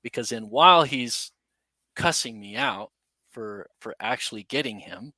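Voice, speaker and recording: A man guesting on a podcast, telling a story casually in a rambling, animated way full of asides. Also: medium pitch, measured pace, dry recording. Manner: animated, rambling, with many "you know" and "right?" asides.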